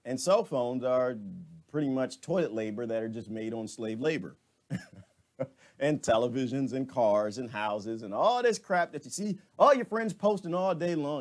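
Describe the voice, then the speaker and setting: A man's voice: medium pitch, normal speed. A man hosting a live stream, ranting casually in a colloquial way with laughs and asides to viewers. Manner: animated, laughing, talks back to viewers.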